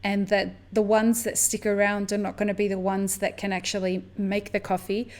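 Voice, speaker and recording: A woman from the US hosting a podcast, telling stories in a lively, chatty way. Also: medium pitch, moderate pace. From United States. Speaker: podcast host. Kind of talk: casual conversation.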